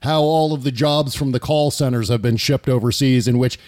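A man's voice: medium pitch, darkish tone. A man hosting a talk show, chatting casually and joking with frequent laughs. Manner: joking, laughs often, quick asides. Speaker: host. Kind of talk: casual comedic talk radio chat.

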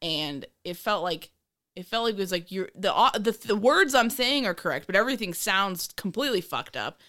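Animated, rambling woman podcast host. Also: medium pitch, normal speed. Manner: animated, rambling, swears and laughs often. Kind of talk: casual chat.

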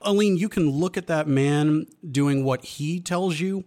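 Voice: medium pitch, unhurried, mellow, no room sound, clean studio sound. A panelist in a casual podcast chat, teasing and laughing.

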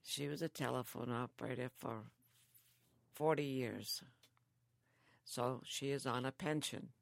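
An older woman speaks slowly with a gravelly edge, laughing softly between her stories. The recording is dry and close. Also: a bass voice, steady tone, dry recording. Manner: slow, chuckling storyteller. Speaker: care home resident. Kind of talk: casual chat.

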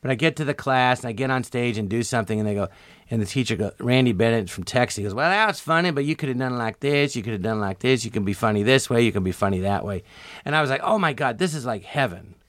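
Man, 60s, lively raconteur who acts out quotes; dry, close mic. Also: medium pitch, fast talker, no echo. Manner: animated storyteller, acts out quoted voices. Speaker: guest comedian. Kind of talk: casual storytelling interview.

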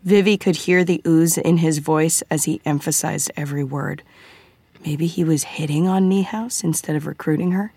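Low, dry-voiced woman for audiobook narration; measured and quietly suspenseful. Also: slightly rough, no room sound.

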